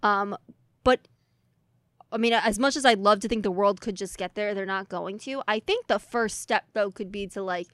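Clear-voiced woman co-hosting a podcast. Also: medium pitch, moderate pace, no echo. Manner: relaxed, laughing, conversational. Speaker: podcast co-host. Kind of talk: casual chat.

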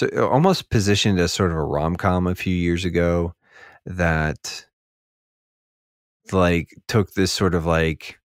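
On a casual podcast, a man with a low, clear, resonant voice rambles with lots of filler words and gets more heated as he goes. The sound is studio quality, with no room sound.

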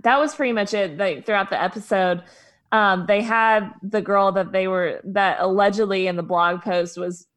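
A woman co-hosting a podcast, chatting casually about reality TV and reacting with quick exclamations. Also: mid-range voice, fairly even intonation, fairly bright tone. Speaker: podcast co-host. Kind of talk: casual chat recapping reality TV.

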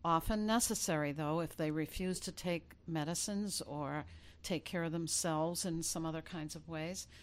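Lawyer lady explaining legal stuff, slightly low voice, measured, lots of ums. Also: fairly even intonation. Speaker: elder law attorney guest. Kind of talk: interview answers.

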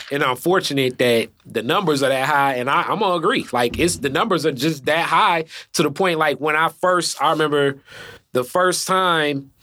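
A young man talks in a reflective, halting way, often stopping to restart his sentences. His voice sits slightly high for a man, in a casual chat. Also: bright, forceful tone.

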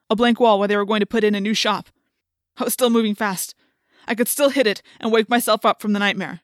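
A woman's voice: mid-range voice, steady tone, fast talker, no echo, studio quality. A woman narrating an audiobook in the first person, telling the story with intense, dramatic delivery.

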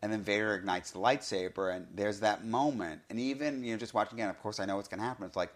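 A man hosting a podcast, talking through a film review in an excited, casual way, often saying "you know". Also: lowish voice, fast. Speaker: podcast host.

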